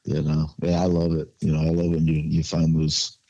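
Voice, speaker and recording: A man's voice: very deep voice, completely flat delivery, moderate pace, mellow, muffled recording. A man in casual podcast chat, chiming in with laid-back, agreeable remarks.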